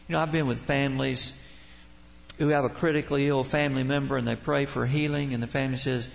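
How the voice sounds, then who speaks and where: A man's voice: medium pitch, fairly even intonation, fast, gravelly, a little hiss or hum. A man preaching a sermon as pastor, with dramatic swells and drops and emphatic quotations.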